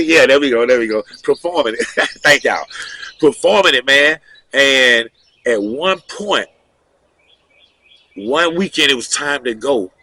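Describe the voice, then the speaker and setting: A man telling a long personal story in a casual interview, animated and loose, with many asides and acted-out quotes. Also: mid-range voice, measured pace. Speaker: guest storyteller.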